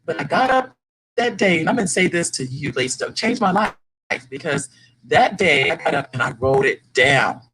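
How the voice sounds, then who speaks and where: An older woman, a grandmother, telling a story to an audience about writing her first children's book, animated and rising with excitement. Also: low-pitched, normal speed, a little hiss or hum, poor audio. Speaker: guest speaker, children's book author.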